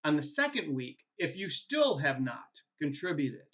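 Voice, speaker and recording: Bright-voiced New England college instructor. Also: male voice, a little high, very animated, measured pace. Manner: casual and chatty, tags points with "right?", many "uh" fillers. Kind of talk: recorded course welcome video. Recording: dull lo-fi recording.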